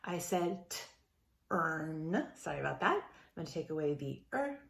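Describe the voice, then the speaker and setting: Female teacher, low gravelly voice, patient phonics lesson for kids, roomy echo. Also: big pitch swings, fairly bright tone. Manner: slow, sounds out words, encouraging. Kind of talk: remote phonics lesson for young children.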